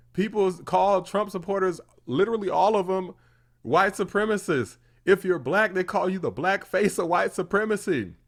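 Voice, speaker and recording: A man's voice: high-pitched, fairly bright tone. A man hosting his own political reaction channel, talking in an opinionated, mocking way and laughing often at what he hears. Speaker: political commentary host.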